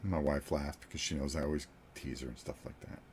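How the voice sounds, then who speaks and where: A man in his sixties with a very low, deep voice, hosting his own board game channel. He tells a story to his viewers in a loose, joking way and chuckles between sentences. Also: fairly even intonation, fast, darkish tone, a little hiss or hum. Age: 60s. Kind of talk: casual storytelling chat to viewers.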